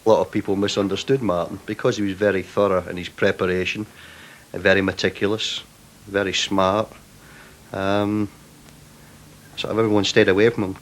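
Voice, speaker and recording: A man, a former player, recalling team stories in a relaxed, reflective interview. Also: sits low, fairly quick, pauses often, a little hiss or hum. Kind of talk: anecdotal interview.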